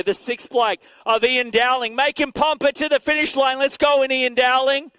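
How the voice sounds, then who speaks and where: A man giving energetic live play-by-play commentary at an outdoor BMX race, calling out riders and bike numbers. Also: high-pitched, smooth, no room sound. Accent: Canadian. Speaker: race announcer.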